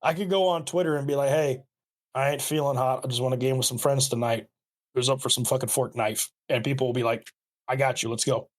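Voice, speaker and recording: Earnest, fast-talking man, swearing casually. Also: mid-range voice, steady tone. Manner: earnest, profane, fast bursts. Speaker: podcast guest and streamer. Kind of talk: casual podcast chat.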